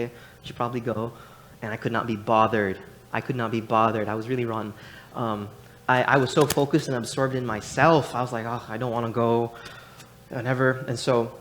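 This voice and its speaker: A man's voice: mid-range voice, slight background noise. A young adult man preaching in church, telling a personal story with frequent restarts and repeated words. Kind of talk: sermon. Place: church sanctuary.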